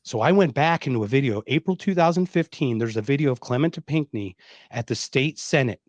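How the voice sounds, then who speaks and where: A middle-aged man hosts a podcast and spins a long personal story with emphatic, animated delivery, voicing the people he quotes. His voice sits at an ordinary pitch and is recorded close and dry on a podcast mic, with no room sound at all. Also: a little fast, dry recording, highs cut off. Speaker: podcast host. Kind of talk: casual conversational storytelling.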